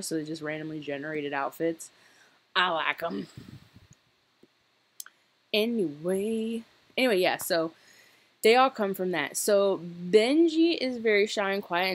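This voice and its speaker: A young woman chats her way through a life-sim game, rambling and laughing at herself. Her voice sits low, and she takes her time. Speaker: gaming channel host. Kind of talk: casual gameplay commentary.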